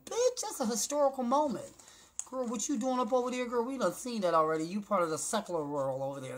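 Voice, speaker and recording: A female vlogger rants off the cuff to her phone camera, held at arm's length in a small indoor room. Brash, profane, and campy, she keeps calling everyone "girl" and "honey," swinging from loud bursts to low muttered asides in a sing-song voice that's a little fast.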